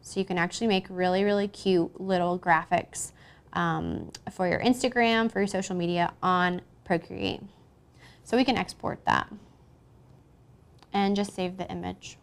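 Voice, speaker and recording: A woman's voice: on the low side, a little slow, vocal fry, clear, resonant tone. A woman hosting a casual drawing-app tutorial, talking through each step as she goes, with frequent ums and small asides. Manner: chatty, talks through each step with fillers. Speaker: craft tutorial host. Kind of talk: casual screen-recorded tutorial.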